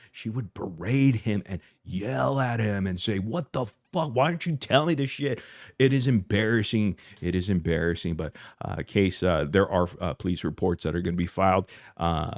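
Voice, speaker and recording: A man hosting a commentary channel, ranting in a heated, mocking and profane way, halting with fillers and restarts. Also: sits low, a little mellow, no echo, clean studio sound. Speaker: YouTube commentary host.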